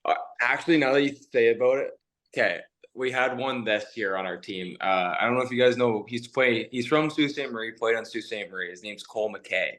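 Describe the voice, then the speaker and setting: A man hosting a podcast, talking in a relaxed, conversational way. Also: medium pitch, brisk. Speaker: podcast host, university hockey player. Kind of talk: casual chat.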